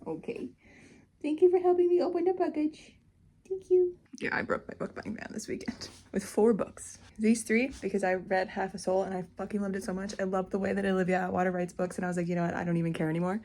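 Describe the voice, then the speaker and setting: A woman chatting casually about books in a home vlog, talkative and quick to laugh. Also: medium pitch, flat delivery, a little mellow, a little hiss or hum. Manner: chatty, laughs often, frequent "like". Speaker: book vlogger. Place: home, on the couch.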